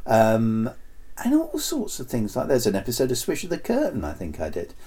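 A middle-aged man chats in a relaxed, mellow tone. He rambles, circling back with ums and half-finished restarts. His pitch stays in an ordinary middle range. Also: moderate pace, breathy edge. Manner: rambling, lots of ums and restarts, breaks into voices for anecdotes. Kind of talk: casual nostalgic chat.

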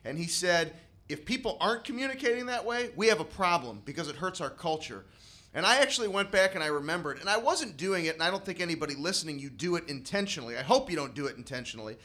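A man's voice: fairly high pitch, expressive, fast, pushed and bright. A man co-hosting a business podcast, speaking earnestly and giving motivational advice. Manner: earnest and motivational, retells conversations. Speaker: podcast co-host. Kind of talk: casual business podcast chat.

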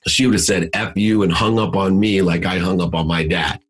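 A middle-aged man with a deep, low voice and a husky, slightly rough texture. He tells a motivational story with energy, jumping up in pitch to stress key words. He is a podcast guest speaking freely. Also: brisk. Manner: emphatic, animated delivery with sudden pitch jumps.

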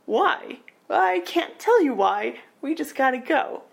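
A woman's voice: high voice, very animated, measured pace, creaky, voice pushed up, heavily acted. Urgent pleading young woman, as a woman recaps her lines. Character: Nora, young woman torn between love and murder.

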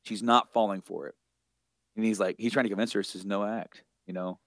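A man's voice: fairly low pitch, steady tone, brisk, no echo, clean studio sound. A man hosting a podcast, giving a casual, rambling recap of a comic book story. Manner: rambling retelling with many fillers and restarts.

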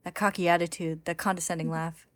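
A woman's voice: fairly low pitch, little pitch movement, quick pace, no room sound, natural voice. A woman voicing a frantic, pleading young man who stammers as he begs an old friend to remember him.

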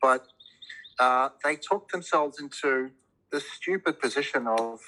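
A man who immigrated to a Commonwealth country talks in loose podcast chat, rambling with frequent restarts, swearing freely when worked up and pushing strong opinions. His mid-range voice is bright and forward with a husky edge, unhurried, and the audio is poor.

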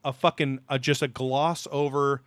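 A man in casual podcast chat, profane and animated, mocking what he talks about. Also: mid-range voice, moderate pace, dry recording. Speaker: podcast co-host.

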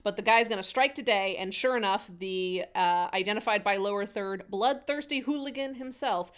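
A woman's voice: medium pitch, normal speed, a bit bright, clean tone. A woman co-hosting a casual podcast recap, chatty and wry, reading from her notes and laughing easily. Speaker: podcast co-host.

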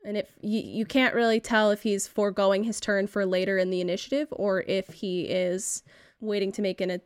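A woman running a tabletop game, narrating scenes in a relaxed, descriptive way. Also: medium pitch, normal speed, clean tone, no room sound, clean studio sound. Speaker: game master.

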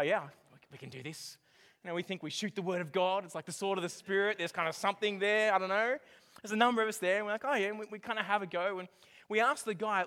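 A man preaching a sermon, telling a story with lively swings from hushed to loud. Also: high voice. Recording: long hall reverb with faint music.

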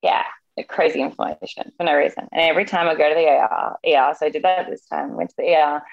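A woman's voice: low-pitched, steady tone, fast, creaky, dull audio. A young woman chatting casually and telling a story with animation, acting out the people she quotes. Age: young adult. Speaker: guest. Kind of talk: casual chat.

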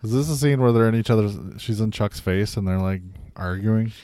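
Male co-host, lowish voice, dead-dry sound, blunt one-liners in casual chat. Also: brisk, warm tone, clean tone, no echo. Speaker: podcast co-host. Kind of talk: casual reality-show recap chat.

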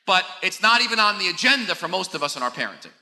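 A man's voice: high voice, very animated, fast, pushed and bright. An older man and pastor preaching a conversational, confessional sermon, often saying "you know" and poking fun at himself. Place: large church hall. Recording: echoey church hall.

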